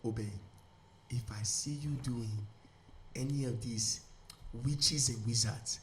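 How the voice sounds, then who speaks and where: A man's voice: mid-range voice, slow, a little hiss or hum, close to an everyday voice, low-quality recording. A man voicing a strict Nigerian mother who scolds her son, in a Nigerian accent. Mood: stern. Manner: stern and threatening.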